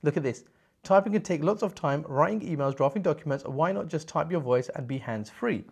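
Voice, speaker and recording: Man, software tutorial presenter, upbeat, step by step, husky, higher pitch. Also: animated, brisk. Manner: upbeat, explains step by step, frequent "okay?". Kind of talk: screen-recorded software tutorial.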